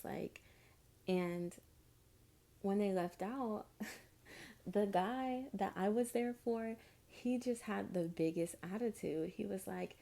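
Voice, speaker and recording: Young woman, storytime vlogger, chatty, exasperated, slow pace, dark mellow tone. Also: fairly low pitch, fairly even intonation, creaky. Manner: chatty, exasperated, addresses viewers as y'all. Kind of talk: storytime vlog.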